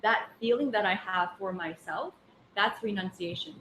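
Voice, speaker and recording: A woman teaches a casual dharma class in a classroom, talking conversationally with anecdotes and many fillers. Her medium-pitched voice is animated and fairly bright at normal speed, recorded in an echoey room with faint ambience and slight background noise.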